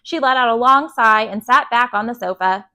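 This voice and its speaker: A woman storyteller reading a children's chapter book aloud at bedtime, steady and gentle. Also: fairly high pitch, normal speed.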